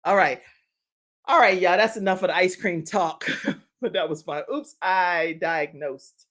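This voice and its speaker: A woman's voice: on the low side, measured pace, a bit bright. A woman in her forties hosting a live talk show, chatting and laughing as she reads out viewer comments.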